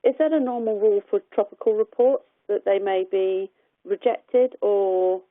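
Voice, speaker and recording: A woman's voice: medium pitch, moderate pace. A woman moderating a webinar, relaying audience questions hesitantly with many fillers. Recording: tinny phone-like webinar audio.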